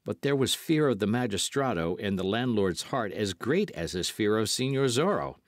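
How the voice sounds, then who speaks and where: A man's voice: fairly low pitch, normal speed, no room sound, studio quality. Man narrating an audiobook dramatically. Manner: lively, dramatic storytelling. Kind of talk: scripted narration.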